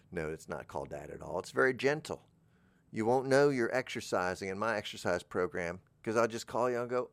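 A man's voice: on the low side, expressive, brisk, gravelly, no room sound. A man in a rambling comedic monologue, drifting through absurd, meandering trains of thought. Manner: talks over background music. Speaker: comedic character host.

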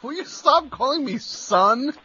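A man's voice: extremely high pitch, lively intonation, a little slow, bright, forceful tone, no echo, muffled recording. A male radio host talking with a caller in a sarcastic, incredulous way, often stammering. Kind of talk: radio call-in chat.

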